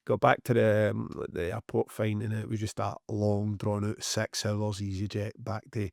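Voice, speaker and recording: This clean studio take has a fairly low, creaky male voice at normal speed, recorded dry. The speaker, a middle-aged Scot who promotes music and co-hosts a podcast, animatedly tells a casual story, cursing a lot and performing the dialogue from both sides.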